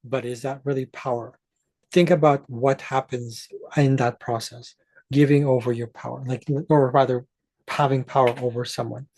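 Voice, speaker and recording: Husky-voiced man ranting. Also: mid-range voice, fairly even intonation, normal speed, darkish tone, dry recording. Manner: emphatic, profane, restarts mid-sentence. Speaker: astrology channel host. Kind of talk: ranting monologue to camera.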